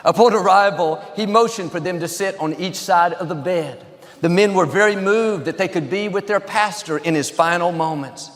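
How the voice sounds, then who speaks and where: A pastor warms up his congregation with jokes, his fairly high voice carrying upbeat, well-paced humor. He is recorded live in a large church auditorium, where the sound rings out in a long reverb. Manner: upbeat joke-telling with pauses. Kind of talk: sermon opening joke.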